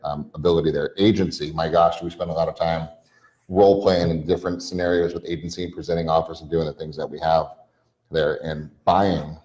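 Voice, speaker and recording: A man with a very low voice co-hosts a casual podcast. He coaches his listeners, stringing points and questions together in long run-on lists. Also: flat delivery, fairly quick, darkish tone, poor audio. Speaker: podcast co-host. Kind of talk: casual chat.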